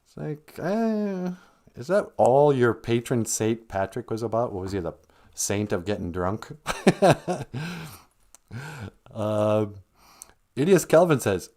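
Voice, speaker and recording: A man's voice: medium pitch, takes it slowly, long pauses. A man hosting a casual livestream who rambles, chuckles and reads out viewer comments between tangents. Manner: rambling, chuckling, animated asides. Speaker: livestream host.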